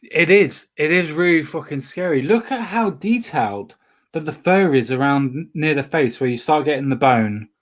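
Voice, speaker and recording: A man's voice: a little high, animated, normal speed. Man hosting, swearing and restarting. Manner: swears freely, talks in restarts. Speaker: show host. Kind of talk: casual chat.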